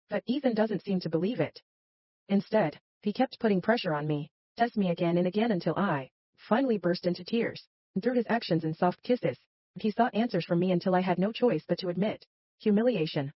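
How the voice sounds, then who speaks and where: A woman tells a first-person romance story in a dramatic way, sighing between lines. Her voice is breathy. The recording is dry and a little dull. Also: medium pitch, no echo. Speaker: narrator.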